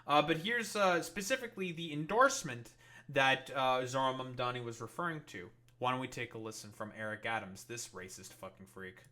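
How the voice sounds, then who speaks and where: An irate male streamer reacting to political clips, cursing constantly and stumbling over fillers. His voice is bright and forceful, at an ordinary pitch for a man. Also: fairly quick. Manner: angry, swearing, many fillers. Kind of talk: profane reaction commentary.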